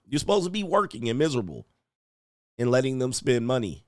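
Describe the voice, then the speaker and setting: Male streamer, mocking and animated, mid voice, dry room. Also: medium pitch, brisk, dry recording. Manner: animated, mocking impressions of others. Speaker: livestream host. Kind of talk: casual livestream commentary.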